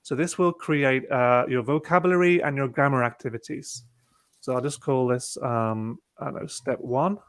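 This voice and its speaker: A man presenting an online webinar, calmly talking through each click of a teaching tool step by step. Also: mid-range voice, normal speed. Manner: relaxed, talks through clicks step by step with fillers. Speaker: presenter demonstrating a teaching platform. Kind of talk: casual online webinar demo. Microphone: video call.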